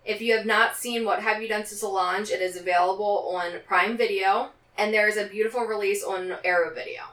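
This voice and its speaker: On a casual film podcast, a woman co-host reads from notes between bits of banter and laughs often. Her voice is medium in pitch and fairly bright, with brisk delivery and fairly even intonation, picked up by a roomy, slightly distant mic.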